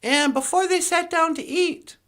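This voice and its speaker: A woman's voice: extremely high pitch, measured pace. A woman podcast co-host telling a fairy tale in a playful, rambling, casual way. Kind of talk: casual storytelling.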